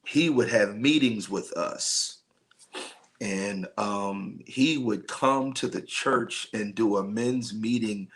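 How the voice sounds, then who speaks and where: A pastor hosting a men's night livestream speaks in a low, gravelly voice. He talks slowly and loosely, full of ums and uhs. He greets viewers by name as he goes. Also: a bit bright. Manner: slow and rambling, many fillers, greets viewers by name. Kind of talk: casual livestream talk and preaching.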